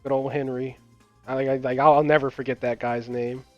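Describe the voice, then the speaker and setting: A man's voice: medium pitch, level tone, fairly quick, dry recording. A young man chatting casually while playing a game, rambling with lots of fillers, swearing and laughing as he tells stories. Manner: rambling, filler-heavy, profane, laughing storyteller. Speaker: gaming channel host. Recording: dull lo-fi mic, dry, game music behind.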